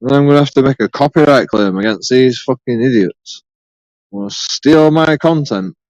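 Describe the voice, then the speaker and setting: Bloke ranting to camera, swears a lot, dry close sound. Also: male voice, medium pitch, normal speed, darkish tone, no room sound, highs cut off. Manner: profane, rambling, sarcastic, repeats himself. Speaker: YouTube auditor. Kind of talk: rambling solo vlog monologue.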